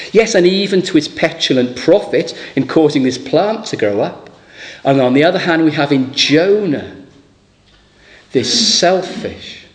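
A man's voice: on the high side, a little mellow. Emphatic man preaching a sermon. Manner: emphatic, rhetorical questions, quoting scripture dramatically.

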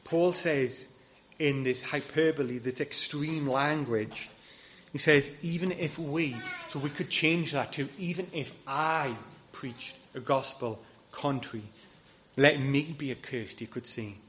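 A man in the pulpit, speaking in a slightly higher register than most men. He preaches earnestly and with emphasis, pressing points home with repeated phrases and scripture references. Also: measured pace, a bit bright, slight background noise. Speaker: pastor. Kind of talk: sermon.

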